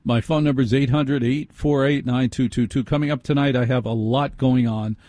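A man's voice: medium pitch, steady tone, moderate pace, mellow, dry recording. A man hosting a late-night call-in radio show, telling a self-deprecating story into a studio microphone.

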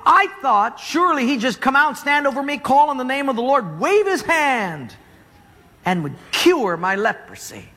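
A man's voice: high-pitched, wildly swooping pitch, normal speed, sharp tone, husky, big-room sound, exaggerated voice. A man voicing a furious, proud male army general who scoffs and complains indignantly.

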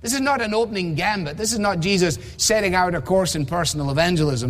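A man preaching an expository sermon in a measured, emphatic way, often asking rhetorical questions. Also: high voice, sing-song. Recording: long reverb of a large hall.

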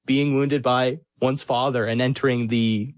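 Man asking a measured interview question. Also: medium pitch, fairly even intonation, no echo. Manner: measured, searching for words.

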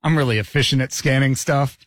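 A man's voice: medium pitch, fairly even intonation, quick pace, no room sound, clean studio sound. Easygoing man in his forties chatting. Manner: easygoing, storytelling. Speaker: co-host. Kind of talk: casual podcast chat.

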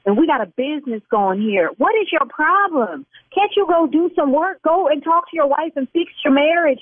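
A woman's voice: high voice, expressive, moderate pace, hardly any pauses, dry recording. A woman running a salon, talking in on a phone call. She turns sassy and scolding and snaps back hard. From Chicago South Side. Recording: dry tinny phone line.

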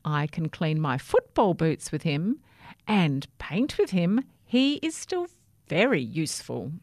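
A woman voicing a loving, determined little girl in a storybook reading, in a high, bright voice. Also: sing-song, slow, dry recording, studio quality, heavily acted. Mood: fond.

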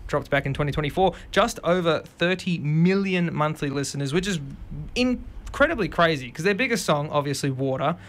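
A man's voice: on the high side, fairly bright tone. Chatty young male radio host. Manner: chatty, quick asides, sings snatches of songs. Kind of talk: casual radio chat and music recap.

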